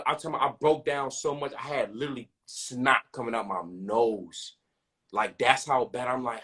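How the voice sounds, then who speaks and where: A man's voice: medium pitch, a bit bright. A young man telling a personal story in an open, earnest way, often repeating himself and asking "you know what I'm saying". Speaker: podcast host.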